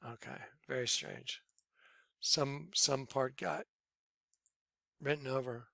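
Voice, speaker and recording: A man leading a ministry, talking viewers through images on his screen in an excitable, repetitive way. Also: medium pitch, slow pace, vocal fry, no echo. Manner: excitable, repeats himself, points things out to viewers. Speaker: ministry leader presenting on screen. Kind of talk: screen-share commentary.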